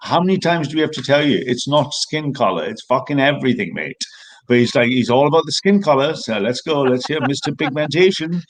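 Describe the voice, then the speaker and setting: A man's voice: mid-range voice, expressive, brisk. A man reacting on a live stream, his voice swinging widely up and down as he swears and mocks. He laughs easily and talks crudely and bluntly. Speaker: stream co-host reacting to clips. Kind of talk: casual reaction commentary.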